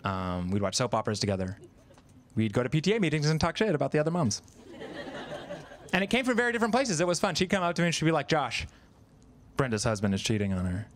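This thirties-aged comic is on a live stage in front of an audience, keeping his set conversational and self-deprecating, full of fillers. He speaks quickly on the high side, with lively intonation and frequent pauses, while a faint crowd can be heard.

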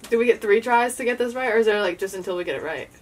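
A woman's voice: mid-range voice, rapid-fire. A woman co-hosting a casual video, chatting in a laid-back, playful way with frequent giggles. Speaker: co-host of a video channel. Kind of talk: casual chat.

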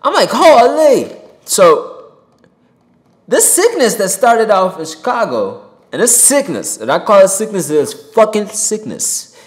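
A rapper giving a heated opinion monologue to camera from a home desk mic, swearing and jumping loud and high for emphasis. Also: male voice, echoey room. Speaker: rapper and commentator. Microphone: desk mic with pop filter.

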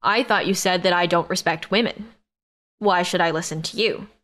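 A woman voicing an arrogant male alien nobleman and soldier in an audiobook, speaking slowly, curtly and commandingly. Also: on the low side, a bit bright, natural voice. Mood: smug. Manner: slow, curt and commanding. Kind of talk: audiobook character voice.

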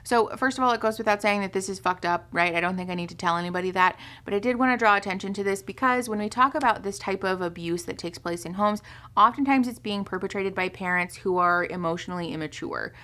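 A woman's voice: mid-range voice, quick pace, bright, forceful tone. A young woman therapist talking casually to camera, full of "um" and "like" fillers and the odd swear word. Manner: conversational, many fillers like "um" and "like", occasional swearing. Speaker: therapist and video host. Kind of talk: casual commentary, reading book passages aloud.

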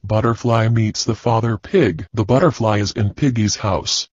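Man slowly reading a lesson aloud. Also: on the low side, a little mellow, dry recording. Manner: slow, deliberate, clear reading. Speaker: teacher. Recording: dull, dry lo-fi recording.

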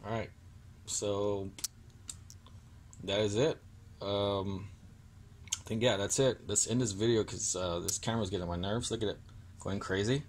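A man's voice: lowish voice, fairly even intonation, slight background noise. Annoyed young man opening card packs. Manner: annoyed, apologetic, reads card names haltingly. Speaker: card-opening video host. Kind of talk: casual pack-opening vlog.

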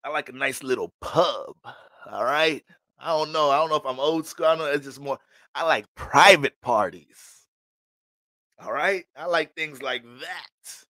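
A man's voice: fairly high pitch, a little slow, bright, forceful tone, no room sound. A man giving a casual astrology reading. He talks in a slangy, rambling, joking way.

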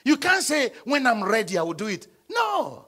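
A man, a pastor, preaching a midweek sermon in church, calling on the congregation to answer and bursting into shouts. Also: very high-pitched, lively intonation, brisk. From Nigeria. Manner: preaching with sudden shouts and call-and-response.

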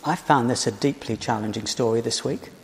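A British man preaching a sermon in a church, telling the story in a measured way and posing rhetorical questions. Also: medium pitch. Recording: reverberant church hall.

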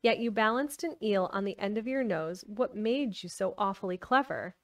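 A woman's voice: mid-range voice, normal speed, distant mic, natural voice. A woman voicing a pert young man with a sing-song rhyming delivery.

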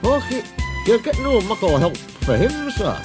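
A man's voice: high-pitched, big pitch swings, moderate pace, pitched above the performer's own voice. A man voicing a pair of cheeky male steam engines with a Scottish accent, sly and falsely innocent, over background music. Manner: sly, innocent-sounding and polite.

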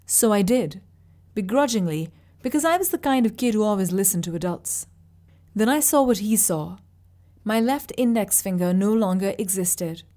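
A woman narrating fiction with a steady, vivid delivery. Her voice sits at a middle pitch for a woman. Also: moderate pace. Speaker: reader. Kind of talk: audiobook narration.

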